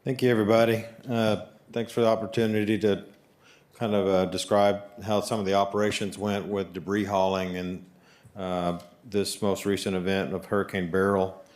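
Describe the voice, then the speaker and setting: A man on city staff giving a formal report to a council, measured and pausing often on "uh". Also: fairly low pitch, flat delivery, darkish tone. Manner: measured, with frequent "uh" pauses. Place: council chambers.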